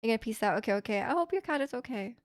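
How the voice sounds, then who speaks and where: Young woman streamer rambling with chat, kinda high voice, dry close sound. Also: lively intonation, very fast, no room sound. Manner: rambling, chatty, with frequent fillers and light laughs. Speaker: livestreamer. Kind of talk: casual chat reading out viewer comments. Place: at home.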